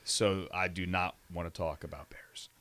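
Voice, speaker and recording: A man in his forties, a sports broadcaster chatting as an interview guest, animated and telling stories with quick restarts. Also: sits low. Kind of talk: casual interview chat.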